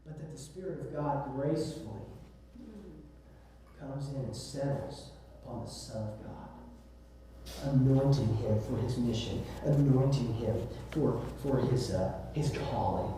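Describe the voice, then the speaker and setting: Male pastor, Southern US accent, emphatic preaching, very dark tone, booming church echo. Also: unhurried, slight background noise. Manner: emphatic, repeats words, addresses listeners with "listen" and "right?". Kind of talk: sermon. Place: church sanctuary. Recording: very echoey room, voice from a distance.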